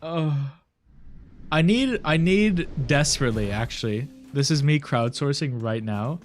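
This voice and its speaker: A man's voice: on the high side, expressive, unhurried, soft background music. A young man with a nasal voice, rambling casually while streaming a game, laughing often and swearing now and then. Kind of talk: casual gaming stream chat.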